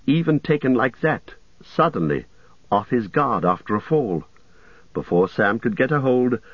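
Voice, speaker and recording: A man narrating an audiobook in a measured, even manner. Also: on the low side, no echo, dull audio. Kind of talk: audiobook reading.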